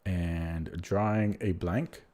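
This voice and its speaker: A man's voice: deep voice, fairly even intonation, takes it slowly, dark tone. Man muttering through an online chess game. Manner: thinks aloud, muttering moves half to himself; casual, self-deprecating, rambling asides. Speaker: chess streamer. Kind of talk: live commentary while playing online chess.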